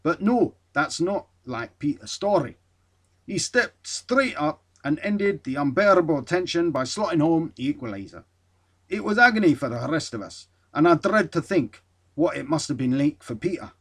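A man's voice: a little high, sing-song, moderate pace, a bit bright, slightly rough, heavily acted. A man putting on an emphatic football captain. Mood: earnest. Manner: put-on regional accent, emphatic. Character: gruff male football captain, admiring.

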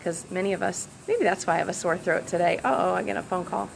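A woman coach talking casually outdoors by the ocean, animated and acting out quoted dialogue, with a slight sore throat. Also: on the low side, fast, gravelly, a little hiss or hum, rough recording. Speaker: self-love coach and hypnotherapist. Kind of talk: casual live-stream talk.

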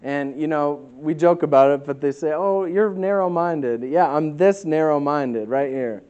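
Fervent pastor with a higher voice. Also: male voice, clean tone, muffled recording. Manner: emphatic preaching that swings from loud to quiet; reads scripture slowly and deliberately. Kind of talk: sermon.

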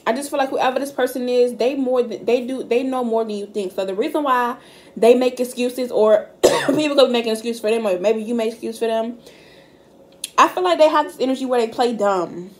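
A woman's voice: a little high, brisk. A woman giving a casual tarot reading straight to camera. She is blunt and profane and talks directly to her viewers. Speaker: tarot card reader. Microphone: camera mic.

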